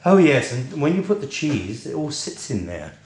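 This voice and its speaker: A man's voice: mid-range voice, big pitch swings, normal speed, darkish tone, roomy sound. A man playing a posh, tipsy middle-aged British lady who hosts a cooking show, plummy and chatty, calling everyone darling.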